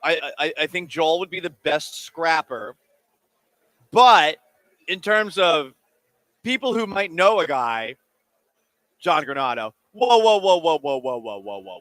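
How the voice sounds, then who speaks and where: Here a man with a slightly high voice is heard on a dry recording. He's a sports radio host taking casual calls in the studio, joking and animated with listeners' questions and eating as he goes, captured on a studio mic.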